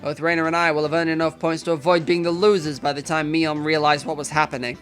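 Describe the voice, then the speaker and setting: A young man with a northern English accent reading a visual novel aloud, animated and self-mocking. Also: on the high side, quick pace, faint music behind. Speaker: let's player.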